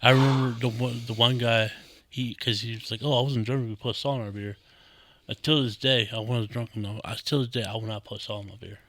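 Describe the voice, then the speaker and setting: A man's voice: mid-range voice, fairly even intonation, fairly quick, a bit bright. A man co-hosting a podcast, telling rambling anecdotes in a casual chat and laughing along. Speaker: podcast co-host.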